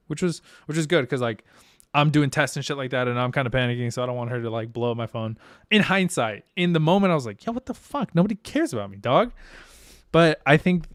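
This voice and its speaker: Male podcast host, smooth voice, dry close mic, candid and profane. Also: medium pitch, no echo. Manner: candid, swears freely, reflective. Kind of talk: casual chat.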